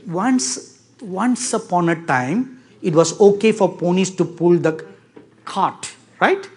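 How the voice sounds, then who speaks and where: A man's voice: sits high, slow, darkish tone, slightly rough. A man preaching a sermon to a congregation, stressing his points by repeating key words and asking the audience for agreement.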